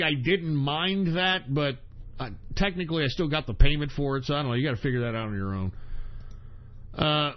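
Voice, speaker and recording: A man hosting a casual talk radio show and answering listener questions in a profane, ranting way, with sudden shouted bursts. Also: fairly high pitch, lo-fi sound.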